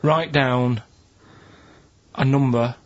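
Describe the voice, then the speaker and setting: A man's voice: medium pitch, fairly even intonation, drawn-out words, dull audio. A man on a radio show, telling stories in a rambling, hesitant way during a casual chat. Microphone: studio microphone.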